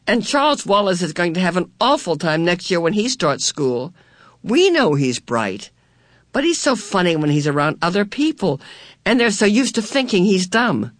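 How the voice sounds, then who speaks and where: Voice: medium pitch, big pitch swings, moderate pace, fairly bright tone, no room sound, studio quality. A reader doing an earnest schoolboy twin. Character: sensible, protective boy twin.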